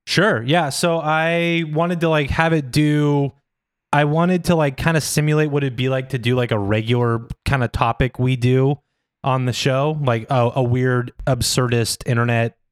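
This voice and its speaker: A man's voice: medium pitch, steady tone, normal speed, clean tone, dry recording, studio quality. A man hosting a podcast in casual chat, rambling with restarts and laughing easily. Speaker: podcast host.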